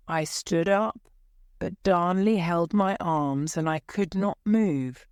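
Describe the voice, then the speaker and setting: A woman slowly reading a dramatic story aloud, clear and deliberate, for English learners. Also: on the low side, darkish tone, no echo, studio quality. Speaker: story reader.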